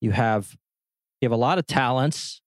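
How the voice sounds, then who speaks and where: A man hosting a podcast, friendly and a little halting as he introduces his guest. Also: medium pitch, dry recording. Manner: friendly, slightly halting with fillers and restarts. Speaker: podcast host.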